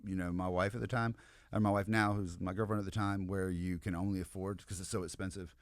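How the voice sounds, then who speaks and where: A man's voice: low voice, little pitch movement, fast, no echo. A man, rambling through stories as a podcast guest, full of "like" and "you know". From American South. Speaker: podcast guest, comedian and history professor. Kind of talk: casual podcast storytelling.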